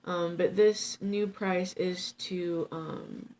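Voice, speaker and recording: Tired, slow, rambling woman tarot reader, casual and swearing, faint background noise. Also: on the low side, fairly even intonation, darkish tone. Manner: rambling and chatty, many fillers and self-interrupting laughs. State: tired without coffee. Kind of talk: casual chat to camera.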